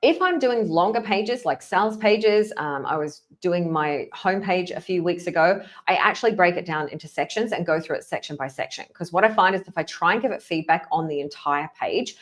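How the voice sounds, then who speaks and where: An Australian woman hosting a casual solo podcast, chatty and quick to laugh, often mimicking over-the-top replies. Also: fairly low pitch. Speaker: podcast host.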